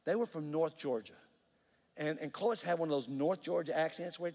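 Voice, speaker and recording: A man preaching a sermon, telling a story with earnest, animated delivery and repeated words. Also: fairly high pitch, moderate pace, in a large hall. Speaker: pastor.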